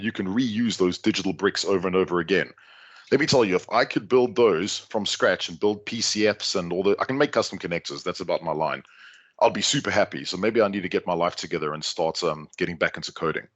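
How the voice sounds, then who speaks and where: A middle-aged South African man giving a lively, joking talk to an online audience. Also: low voice. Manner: lively, jokey, chatty asides. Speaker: guest speaker. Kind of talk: conference talk on a video call.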